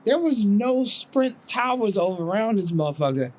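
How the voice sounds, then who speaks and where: A man's voice: high voice, normal speed, rough recording. A man in his forties, a podcast co-host, telling a long, profane story in casual chat. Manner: profane, animated storyteller acting out voices.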